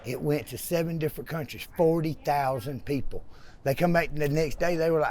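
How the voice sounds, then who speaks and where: American guy rambling through a story outside in a park, bit high voice, faint outdoor hum behind. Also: a little fast. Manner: rambling, repeats words, animated retelling. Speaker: interviewee telling his story. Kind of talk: casual storytelling.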